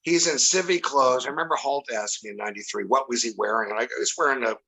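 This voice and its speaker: Older male guest, sixties, bright tone, chatty and rambling with many restarts. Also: medium pitch, quick pace, husky, rough recording. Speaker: podcast guest. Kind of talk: casual chat.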